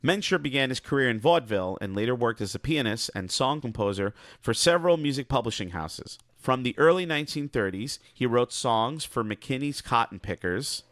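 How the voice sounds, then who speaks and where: Young male host from New Jersey, mid-pitch, chatty, read-aloud notes broken up by asides, dry recording. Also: fairly quick, hardly any pauses, no room sound. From New Jersey, USA. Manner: chatty, wandering asides, lively pitch jumps. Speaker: animation review host. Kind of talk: scripted commentary mixed with casual asides.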